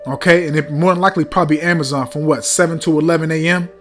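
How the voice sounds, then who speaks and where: A man's voice: on the high side, steady tone, fast talker, a bit bright, faint music behind. A man preaching a heated rebuke sermon, reading scripture between blunt, profane remarks, often stumbling over fillers and repeating "man".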